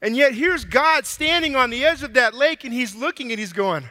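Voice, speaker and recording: A man preaching a casual, animated sermon to a young crowd, out of breath, acting out bits of dialogue in slang. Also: very high-pitched, a little fast, hardly any pauses, big-room sound.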